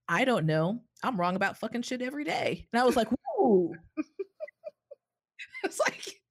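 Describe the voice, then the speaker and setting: Pregnant woman, 30s, clinician co-host. Tired, candid, reflective, filler-heavy casual chat. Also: on the high side.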